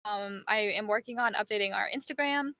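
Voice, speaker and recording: A young British woman hosting a casual podcast, rambling and giggly with lots of ums, her voice going a bit hoarse. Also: mid-range voice, a little fast, bright, forceful tone, no echo. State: losing her voice. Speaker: podcast host. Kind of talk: casual chat, reading notes.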